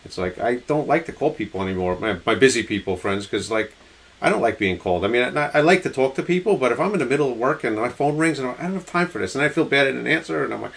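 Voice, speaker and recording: A man's voice: medium pitch, lively intonation, fast talker, gravelly, fairly bright tone. A man with a Long Island accent, co-hosting a casual chat and talking in a chatty way that livens up when he quotes himself. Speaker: podcast co-host.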